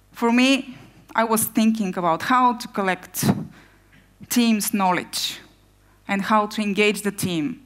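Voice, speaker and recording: A woman speaker at a conference presents from the stage in a middle-pitched voice. Her talk is energetic and full of rhetorical questions aimed at the audience. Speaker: conference speaker, product owner.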